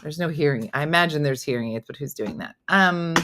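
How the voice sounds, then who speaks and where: A woman hosting a comedy morning show, chatting casually, telling animated stories with frequent laughs and acting out family exchanges. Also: deep voice, a little fast, background noise. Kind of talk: casual live-show chat reading viewer comments.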